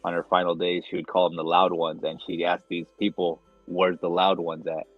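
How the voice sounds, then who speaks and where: A man co-hosting a podcast, telling a story in a halting way, with many restarts. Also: low voice, little pitch movement, no echo, narrow, tinny audio, faint music behind. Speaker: podcast co-host. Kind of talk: casual storytelling.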